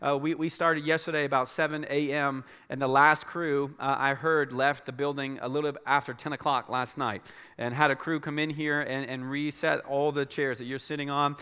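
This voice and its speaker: Earnest pastor with a bright, ringing voice. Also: male voice, medium pitch, level tone, clear, resonant tone. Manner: earnest, halting with many restarts and fillers. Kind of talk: church announcement and sermon. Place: large church auditorium. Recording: long hall reverb.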